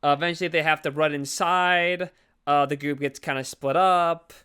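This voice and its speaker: This man co-hosts a podcast and casually recaps a movie plot, rambling along with plenty of fillers and acted-out quotes. His voice is fairly high and bright, clear and resonant, with a forceful tone, fairly even intonation, and a moderate pace.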